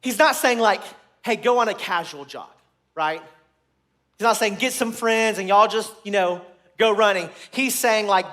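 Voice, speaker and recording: Man, sermon preacher, high-pitched, bright tone, earnest, repeats his points. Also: moderate pace. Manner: earnest, repeats phrases, restarts words; grows loud and emphatic at key points.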